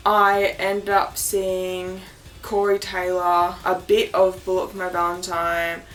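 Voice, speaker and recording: A young Australian woman vlogging in a casual, excitable way, laughing often and swearing casually. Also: fairly low pitch. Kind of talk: casual chat.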